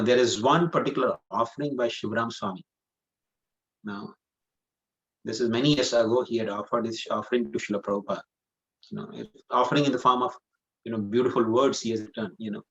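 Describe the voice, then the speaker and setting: In a scripture class, a spiritual teacher answers a student's question in an earnest way, repeating his points and leaning heavily on "you know." His mid-range voice is a little fast and a bit bright, and he pauses often. The recording has a dull, lo-fi sound.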